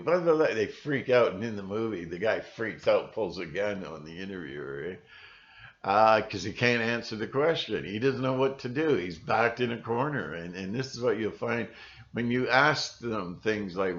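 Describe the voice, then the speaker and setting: Guy rambling to camera, lowish voice, kinda muffled lo-fi sound. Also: animated, moderate pace, a bit bright. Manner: rambling, breaks into mimicking voices. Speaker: video channel host. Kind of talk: casual monologue to camera.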